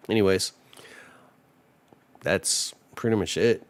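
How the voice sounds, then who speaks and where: A man with an extremely low voice talks through scripture in a loose, self-reflective way. He rambles, restarts his sentences and laughs softly as he thinks aloud, like a casual home Bible study. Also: expressive, takes it slowly, long pauses. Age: adult married man.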